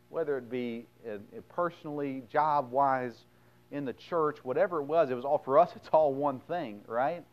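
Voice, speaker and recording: A man delivers a sermon with a smooth, resonant voice. He reads scripture aloud, then retells it bluntly, swinging from loud emphasis to quiet asides. The recording sounds a little dull and lo-fi. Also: medium pitch, normal speed. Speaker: pastor.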